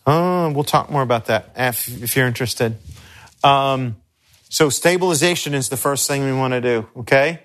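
Middle-aged male pastor instructor, mid-pitched, earnest and conversational, often restarts phrases. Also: moderate pace, fairly bright tone. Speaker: pastor teaching crisis care. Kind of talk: instructional talk with personal stories.

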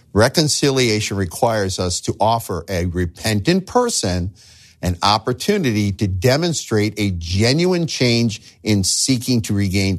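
A man preaching a sermon as a pastor, earnest, asking the listeners rhetorical questions and repeating words as he starts phrases. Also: fairly low pitch.

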